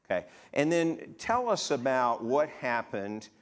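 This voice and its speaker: A man's voice: mid-range voice, very animated, measured pace. Brief: male on-stage host, casual conversational delivery, lots of "uh", stage mic. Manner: conversational, with frequent "uh" fillers. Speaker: health system CEO hosting a patient interview. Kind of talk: on-stage interview before a live audience. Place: conference stage. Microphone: stage microphone.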